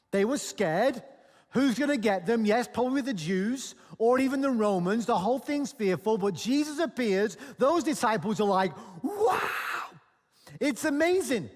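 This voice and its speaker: A male pastor preaching a sermon, animated and storytelling, acting out the people in the passage, in a church auditorium. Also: very high-pitched. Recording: long church-hall reverb.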